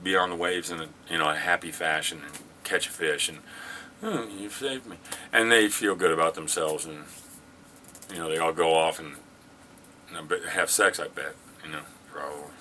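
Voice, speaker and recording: A man's voice: on the low side, pushed and bright, a little hiss or hum. An older man talking casually about his life, rambling and self-deprecating with many fillers and restarts. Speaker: vlogger sharing weight-loss experience. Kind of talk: casual personal monologue. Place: military base in Afghanistan.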